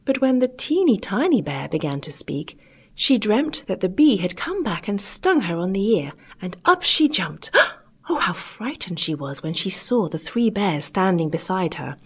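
A woman narrating a children's audiobook in a gentle, expressive reading with character voices. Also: medium pitch, normal speed, slightly rough.

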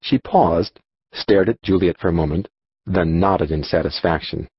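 A man narrating a children's audiobook in an expressive storytelling manner. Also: low voice, moderate pace, husky, dry recording, highs cut off. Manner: expressive storytelling, voicing dialogue.

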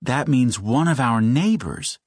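A man voicing an excitable, imaginative young boy calling out to his friend. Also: mid-range voice, unhurried, breathy edge, no room sound, clean studio sound. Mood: eager.

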